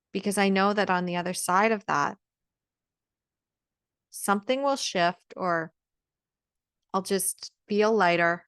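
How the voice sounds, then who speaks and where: A woman's voice: medium pitch, a bit bright, clear, resonant tone, dry recording, clean studio sound. Earnest woman giving a heartfelt pep talk. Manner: earnest, emphatic, repeats words when stressing a point. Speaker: vlogger giving encouragement. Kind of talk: heartfelt motivational talk to camera.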